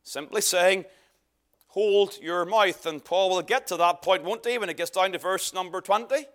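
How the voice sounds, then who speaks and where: Man, high-pitched, preacher, emphatic sermon delivery. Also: brisk, fairly bright tone. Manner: emphatic, varied delivery with repeated phrases.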